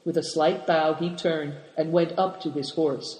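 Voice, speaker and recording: A man's voice: a little high, fairly even intonation, unhurried, a little mellow. A man narrating a story as an audiobook reader, lifting his voice a little for the characters' lines. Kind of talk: scripted narration. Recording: echoey room with long reverb.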